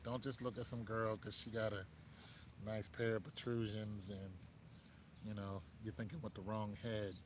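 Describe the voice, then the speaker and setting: A man's voice: lowish voice, little pitch movement, normal speed, background noise. A man with an American accent giving dating advice in a laid-back, joking monologue, talking straight to the listener. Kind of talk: casual monologue.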